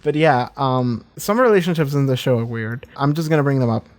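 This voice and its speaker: A man hosting a reaction channel, rambling casually about a TV episode with frequent swearing and animated asides. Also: medium pitch, brisk. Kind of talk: casual commentary.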